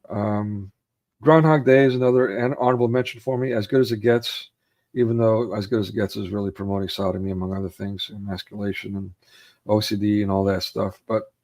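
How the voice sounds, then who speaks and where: A man's voice: on the low side, darkish tone. A man in casual conversation, recalling favorite film scenes and laughing easily as he talks. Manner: retells film scenes, acting out quotes with raised voice; laughs easily, many fillers. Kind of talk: casual chat about films.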